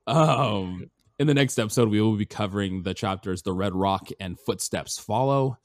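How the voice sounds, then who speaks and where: A man's voice: fairly low pitch, moderate pace, no room sound, clean studio sound. A man co-hosting a casual podcast, chatty and upbeat as he sets up the next episode. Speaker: podcast co-host.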